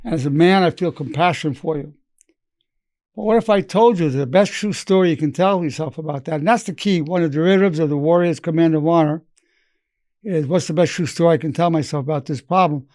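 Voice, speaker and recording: A man's voice: on the high side, brisk, darkish tone, no room sound, clean studio sound. 83-year-old man telling therapy stories. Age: 80s. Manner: anecdotal, quotes patients in his own voice. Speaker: psychologist. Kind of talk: storytelling lesson.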